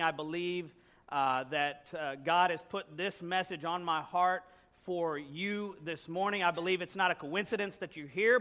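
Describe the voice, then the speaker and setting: A man's voice: fairly high pitch, sharp tone. A man preaching a sermon as a guest preacher in a church, telling a story with playful joking asides. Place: church sanctuary.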